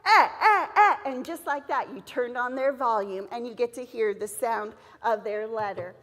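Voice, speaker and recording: A woman's voice: fairly high pitch, normal speed. A woman presenting a teacher-training seminar, acting out letter sounds and classroom scenes as she explains. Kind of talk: lively teacher-training talk. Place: church hall. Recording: echoey hall reverb.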